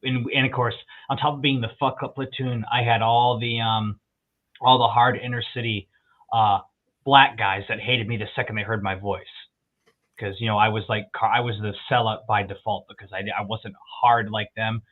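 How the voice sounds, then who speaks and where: A man's voice: on the low side, moderate pace. Profane storytelling man on a tinny line. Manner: profane, animated storyteller, quotes others in voices. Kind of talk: casual storytelling chat.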